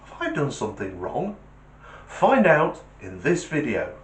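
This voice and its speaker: A man's voice: medium pitch, huge pitch swings, unhurried. A man hosting his channel, talking casually and self-mockingly to camera from a garden shed. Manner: chatty, self-mocking, good-humoured. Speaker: channel host. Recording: roomy shed echo.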